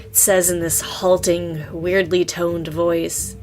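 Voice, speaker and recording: Female podcast co-host, slow and low, casual profane story reader. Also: fairly even intonation, gravelly, faint music behind. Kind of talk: reading a scary story aloud.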